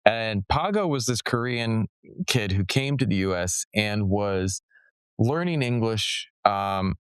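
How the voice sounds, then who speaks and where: A man's voice: fairly low pitch, slow, clean tone, no echo. A man hosting a podcast, telling stories casually with frequent laughs and lots of filler "like". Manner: animated storyteller, laughs often, lots of "like". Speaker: podcast host.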